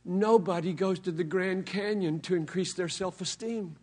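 A man preaching a sermon to students from a pulpit, swinging between loud, pleading emphasis and hushed, near-whispered lines. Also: sits high, moderate pace. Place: pulpit in a large hall.

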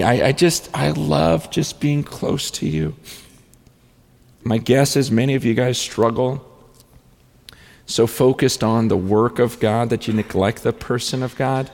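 A man preaching a sermon in an earnest, halting way, with many restarts, often rising into fervent, pleading prayer. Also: medium pitch, creaky, a little mellow. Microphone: handheld or stand mic on stage. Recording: long hall reverb.

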